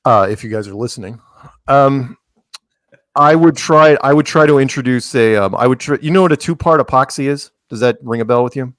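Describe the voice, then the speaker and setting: A man's voice: medium pitch, brisk, no room sound, studio quality. A man talking as a podcast guest in a rambling way, full of restarts and sarcastic asides. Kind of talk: casual chat.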